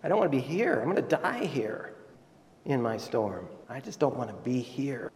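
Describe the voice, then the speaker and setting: A frightened fisherman, desperate and pleading, who keeps repeating that he wants out, as a preacher puts him on. His voice sits at an ordinary middle pitch. A long reverb trails each phrase, as in a big hall. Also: lively intonation, normal speed, darkish tone, lightly acted. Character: terrified desperate male fisherman, Peter.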